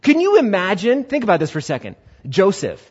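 A male pastor preaching a lively sermon and acting out quotes as he goes. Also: sits high, brisk, slightly rough. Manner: animated, acts out quotes. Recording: dull lo-fi recording.

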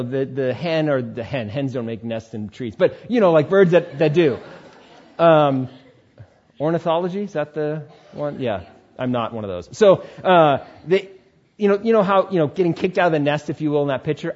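Animated man telling a faith story. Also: fairly high pitch, a little fast, muffled recording. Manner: animated storytelling, acts out quoted voices. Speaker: speaker sharing testimony. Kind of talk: testimony sermon.

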